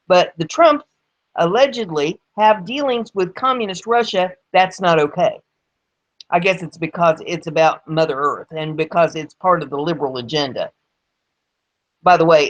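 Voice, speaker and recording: A woman's voice: low voice, low-quality recording. A woman hosting her own news show, reading articles aloud and adding sarcastic, emphatic commentary. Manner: sarcastic, emphatic on key words.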